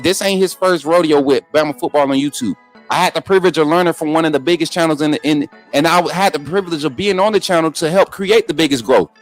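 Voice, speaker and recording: A man hosting a live sports talk stream, combative and repetitive, talking straight to his viewers and reading out their chat messages. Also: on the high side. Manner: combative, repeats himself, talks straight to viewers. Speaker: sports show host.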